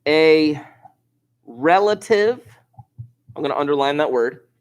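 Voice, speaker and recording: A man teaching a high school statistics class, casual and offhand, who slows down and repeats key points for emphasis. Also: animated, clean tone. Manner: informal, offhand asides. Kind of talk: classroom lecture.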